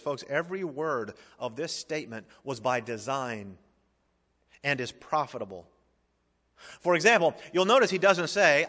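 A man preaching a sermon in a large hall, his slightly high, bright and forceful voice rising to emphatic peaks and dropping to near whispers. The sound carries a long reverb from the room. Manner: preaching with dramatic swings from loud to hushed. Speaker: pastor.

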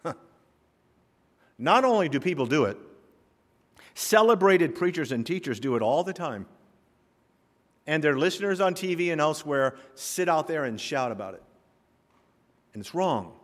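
A man from the American South preaching a sermon as pastor, animated and full of rhetorical questions. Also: on the high side, normal speed, pauses often, big-room sound.

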